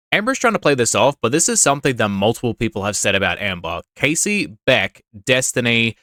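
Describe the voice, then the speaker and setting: Blunt, bright-voiced man doing reaction commentary. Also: medium pitch, very animated, measured pace, pauses often, no room sound, clean studio sound. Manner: blunt, sarcastic, swears. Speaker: reaction channel host.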